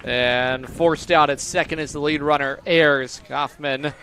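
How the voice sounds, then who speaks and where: Man, baseball play-by-play, upbeat, brisk, higher-pitched voice. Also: fairly even intonation, pushed and bright. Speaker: play-by-play announcer. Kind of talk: live baseball commentary.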